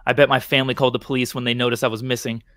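A man's voice: medium pitch, little pitch movement, rapid-fire, a bit bright, no echo, studio quality, natural voice. A man voicing a frightened young woman held captive in a story reading, pleading.

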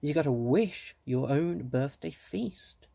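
A man's voice: on the high side, animated, slow, gravelly, warm tone, husky, no room sound, full character voice. A man reading a children's book aloud, voicing a kind young female fairy in a lifted, reassuring voice.

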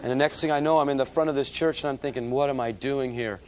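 A middle-aged man preaching, telling his conversion story in a lively storytelling manner and calling the audience folks. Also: mid-range voice, fast talker. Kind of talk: testimony sermon.

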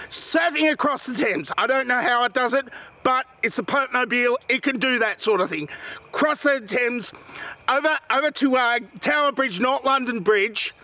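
A man's voice: very high voice, sharp tone. A man telling a long comic joke story, rambling and correcting himself with tangents. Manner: rambling, self-correcting, tangents and put-on accents.

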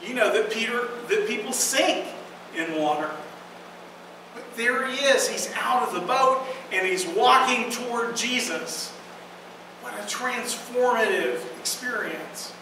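Woman pastor, high-pitched and unhurried, earnest sermon delivery; distant, very echoey church recording with background noise. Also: expressive. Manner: earnest, emphatic preaching with slow, dramatic pauses. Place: church sanctuary. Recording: echoey hall from far off, noisy.

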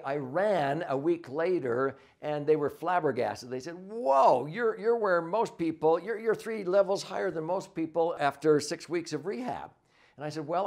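A man's voice: medium pitch, a little mellow. A man in his sixties, a financial advisor hosting his own show, telling a personal story in a folksy, earnest way and acting out what he said back then. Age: 60s. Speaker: financial advisor and podcast host.

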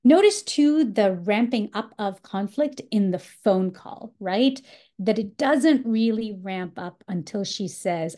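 A woman teaching a workshop on writing dialogue, with a mellow, warm tone. She talks through examples thoughtfully and pauses on fillers as she builds each point. Her pitch sits in a middle range for a woman. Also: expressive. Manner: thoughtful, explanatory, with frequent fillers. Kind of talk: literature workshop lecture.

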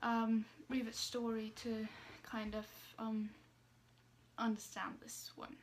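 Hesitant young woman, flat higher voice. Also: slow pace, slight background noise. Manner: hesitant, many fillers and restarts, soft asides. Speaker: vlogger. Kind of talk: casual personal storytelling.

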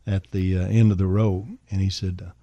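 Older guy telling a rambling story on the radio, lowish mellow voice, lots of uh and man. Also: flat delivery, brisk, dry recording, muffled recording. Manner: easygoing, rambling, full of "uh" and "man". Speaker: songwriter and guest. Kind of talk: storytelling anecdote on a radio show. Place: radio studio.

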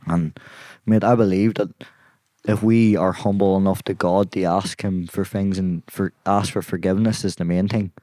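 A man talking as a podcast guest in casual conversation, full of swearing, sudden loud exclamations and "mate". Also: low-pitched, fairly even intonation, normal speed, dry recording.

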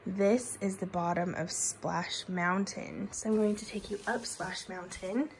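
Recording on a handheld phone against a noisy background, a woman in her thirties gives a casual, chatty tour of her basement's rooms. Her mid-range voice stays fairly even and unhurried, with frequent laughter and a whisper once she reaches a spooky room.

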